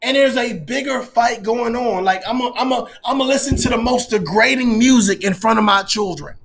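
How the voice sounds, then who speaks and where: Brief: forties male podcast host, fired-up profane monologue, higher register. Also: normal speed, vocal fry. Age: 40s. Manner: emphatic, profane, animated rant. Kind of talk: casual monologue.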